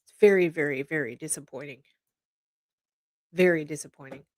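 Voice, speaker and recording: A middle-aged woman chats with blunt exasperation, her voice sitting a little low. She swears freely as she vents. The sound is dry and close. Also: normal speed, a little mellow, no room sound. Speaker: psychic channel host. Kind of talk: casual chat.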